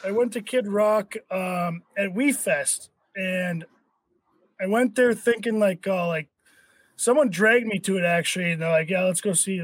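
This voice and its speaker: Young male host, high and dry-miked, excitable, swears, acts out quotes. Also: no echo. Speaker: podcast host. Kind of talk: casual chat.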